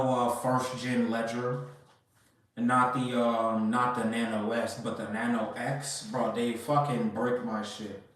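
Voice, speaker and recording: Guy ranting and cussing, repeats himself a lot, sounds far off the mic in a really echoey room. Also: medium pitch. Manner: profane, emphatic, repetitive, rambling. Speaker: crypto commentator. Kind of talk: casual rant.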